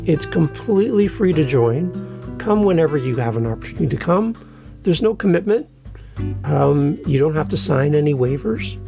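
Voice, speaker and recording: A man hosting a solo podcast, giving energetic, playful advice and sometimes mimicking listeners in silly voices. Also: on the high side, moderate pace, creaky, music in the background. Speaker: podcast host.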